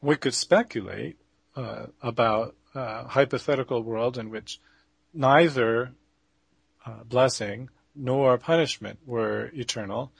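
A man giving a debate rebuttal, speaking off the cuff with many pauses, fillers and restarts. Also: mid-range voice, creaky, breathy edge, no echo.

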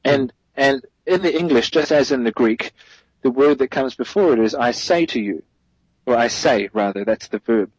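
A man's voice: mid-range voice, normal speed, slightly rough, no room sound, low-quality recording. A man as a guest theologian, giving a thoughtful explanatory answer in an interview, correcting himself as he goes and stressing key points.

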